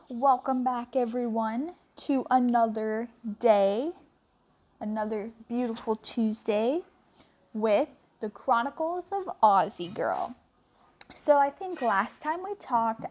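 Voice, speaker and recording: A young woman giving a chatty, rambling travel update as a podcast co-host. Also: on the high side. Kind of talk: casual monologue.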